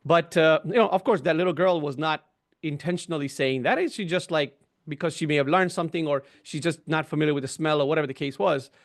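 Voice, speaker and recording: A middle-aged man with a slightly high voice talks fast on a video call as a webinar guest. He explains things conversationally, frequently tacking on "right?" and "you know".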